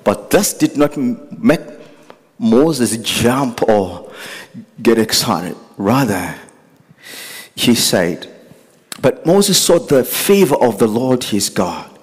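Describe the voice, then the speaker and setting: A man preaching with a husky, breathy edge to his mid-pitched voice. His delivery is earnest and rises to impassioned pleading. The sound rings out with a long hall reverb. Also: sing-song, takes it slowly, pauses often. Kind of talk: sermon.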